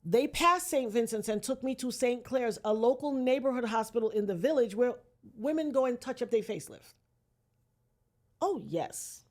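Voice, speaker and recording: A woman whose voice is a little high and expressive, at normal speed, tells an emotional personal story as a podcast guest. She dramatically acts out other people's voices, swinging from hushed to near-shouting.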